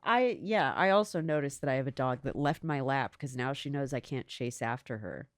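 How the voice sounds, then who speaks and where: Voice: mid-range voice, dry recording, clean studio sound. A podcast co-host in casual chat, reacting with jokey asides. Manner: lively, quick to laugh, jokey asides.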